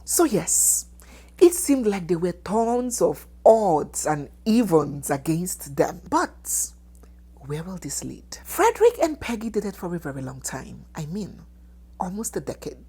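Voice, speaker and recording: Husky, animated woman storyteller. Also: lowish voice. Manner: animated, with hushed whispered asides. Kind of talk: dramatic documentary storytelling.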